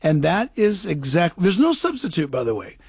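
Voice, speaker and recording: A man's voice: fairly high pitch, huge pitch swings, moderate pace, a little mellow, husky. A man giving a casual Bible teaching talk, emphatic and repetitive, often restarting his sentences.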